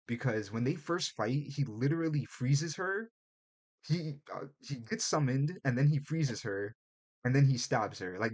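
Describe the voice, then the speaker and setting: A man co-hosting a casual podcast, speaking at an ordinary middle pitch. He rants about a show's plot in loose, profane, animated chat. He drops into quick mock voices for the characters. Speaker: podcast co-host.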